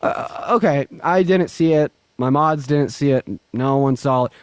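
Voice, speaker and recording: A man's voice: fairly high pitch, a little slow, clear, resonant tone, no echo, clean studio sound. A man hosting a livestream in a heated debate, combative and interrupting, often repeating his words. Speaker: livestream host.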